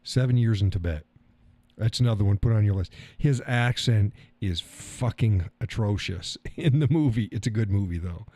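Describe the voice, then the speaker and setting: A middle-aged man talks to his live-stream chat at a normal speed in a lowish, dark voice, captured in a dry recording. Reading viewer comments, he rambles loosely, curses now and then, and chuckles frequently.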